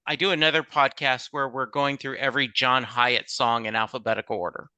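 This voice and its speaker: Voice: mid-range voice, a little fast, clear, resonant tone, dry recording. A podcast host chatting casually with a guest and affirming her with short replies. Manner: relaxed, brief affirmations.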